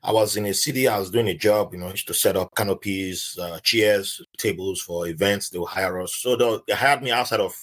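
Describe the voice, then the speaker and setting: Bright-voiced Nigerian man telling a story. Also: lowish voice, fairly quick, few pauses. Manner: animated, acts out the voices of people in his stories. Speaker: podcast guest. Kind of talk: storytelling in casual podcast chat.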